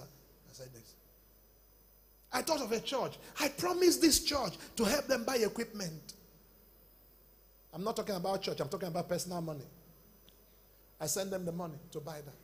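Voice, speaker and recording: A man preaching a sermon as pastor, swinging between loud shouted bursts and quieter, slower passages. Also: sits high, very animated.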